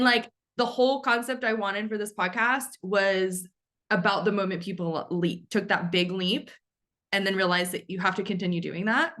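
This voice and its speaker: A bubbly woman hosting a podcast, gushing with excitement and swearing offhandedly. Her voice sits in a middle register, and her talk is loose and conversational. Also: medium pitch. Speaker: podcast host. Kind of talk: casual chat.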